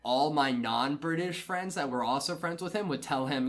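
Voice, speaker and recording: A man's voice: on the high side, moderate pace, background noise. A young man co-hosting a podcast in casual chat, teasing his friend and laughing often. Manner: teasing, laughs a lot, admits nerves. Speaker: podcast co-host.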